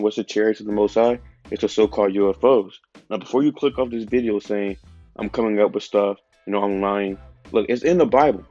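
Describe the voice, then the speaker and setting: Male preacher, stuffy-nosed, lower voice, loose conversational delivery; muffled phone audio. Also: warm tone. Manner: casual, conversational preaching with many fillers. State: stuffy nose. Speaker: religious teacher. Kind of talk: informal religious teaching video.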